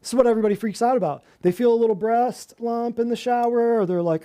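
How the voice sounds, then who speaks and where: A man teaching a small audience, animated, quizzing them and joking as he goes. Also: high-pitched, fast talker, few pauses. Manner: animated, asks the audience questions, jokes and laughs. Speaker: natural health practitioner teaching a class. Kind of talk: lively lecture to a small audience. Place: office room with a small live audience.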